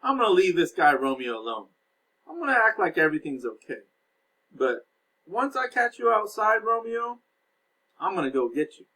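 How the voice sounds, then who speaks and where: A man's voice: sits high, big pitch swings, normal speed, pushed and bright, voice pushed up, heavily acted, low-quality recording. A man doing a hot-tempered, threatening young noble. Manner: angry, threatening.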